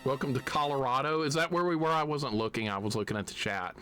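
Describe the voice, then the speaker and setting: A man's voice: mid-range voice, quick pace, a bit bright, faint music behind. A man from Alabama giving live commentary on a retro game, swearing at it and chuckling often. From Alabama, USA. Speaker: streamer.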